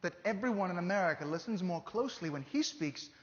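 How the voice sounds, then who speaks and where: A man's voice: high-pitched, lively intonation, fast talker. An actor playing a teasing, theatrical founding-era statesman, coaxing a student audience in a live historical re-enactment. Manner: playful, coaxing, audience-directing. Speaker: costumed performer at an educational show. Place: large hall with a live audience. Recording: dull, echoey hall with faint ambience.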